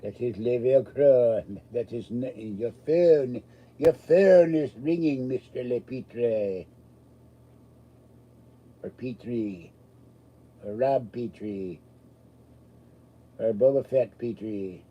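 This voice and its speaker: A man's voice: mid-range voice, slow pace, long pauses, husky, dull audio. A man hosting a live stream, chatting casually with a rambling, self-deprecating, joking manner. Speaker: livestream host answering chat.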